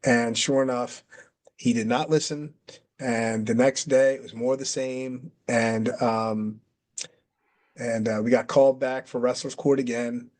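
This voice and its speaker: A middle-aged former wrestler recounting an old story to an interviewer in a relaxed, conversational voice. He acts out the quoted dialogue with lively jumps in pitch. His speech is loose and peppered with fillers. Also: unhurried. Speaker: retired pro wrestler guest. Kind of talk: casual storytelling.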